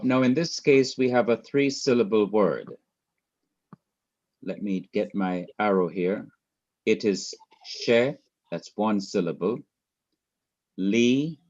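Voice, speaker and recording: Male teacher, low-ish voice, very slow and methodical, lo-fi sound. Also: darkish tone. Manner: methodical, repeats points and quizzes the student. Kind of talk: class lecture.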